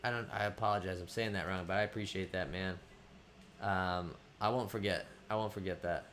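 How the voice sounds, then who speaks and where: A man from the Boston area hosting a casual livestream, relaxed, with many fillers, reading viewer questions aloud and answering them. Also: low-pitched, brisk, slight background noise. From Boston area, United States. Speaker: livestream host.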